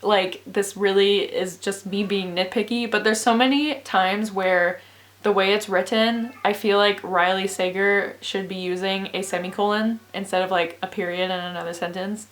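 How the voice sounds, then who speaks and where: A young woman speaks at a normal pace with medium pitch and fairly even intonation in a casual book vlog. She sounds sleepy and drained, rambling with plenty of "like" fillers and laughing frequently.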